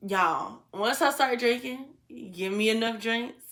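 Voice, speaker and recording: A woman vlogger tells a personal story straight to camera in a blunt, unfiltered way. Her voice sits a little high and sounds bright and forceful. She swears casually and breaks into laughter often. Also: lively intonation, unhurried.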